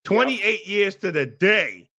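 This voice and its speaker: A man co-hosting a sports podcast in casual chat, animated and quick to laugh, acting out scenes as he talks. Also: sits high, lo-fi sound. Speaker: podcast co-host.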